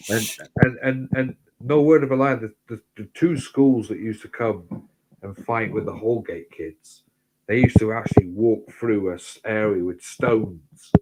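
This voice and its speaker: Sweary bloke telling stories. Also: male voice, a little slow, noisy background. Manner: sweary rambling anecdotes, gets loud and high when excited. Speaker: host. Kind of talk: casual storytelling chat.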